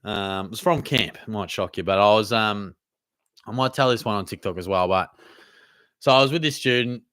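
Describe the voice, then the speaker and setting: A man's voice: fairly low pitch, moderate pace, a bit bright, clear, resonant tone, no echo, studio quality. An Australian man hosting a live question-and-answer stream, talking in a laid-back, chatty way with plenty of slang. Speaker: host. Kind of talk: casual live Q&A chat.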